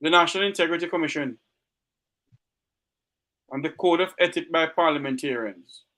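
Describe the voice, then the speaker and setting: A man's voice: on the high side, normal speed, bright, forceful tone. A Jamaican man hosting a talk show, speaking with passion and asking rhetorical questions, close to tears. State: near tears. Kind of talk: emotional talk show monologue.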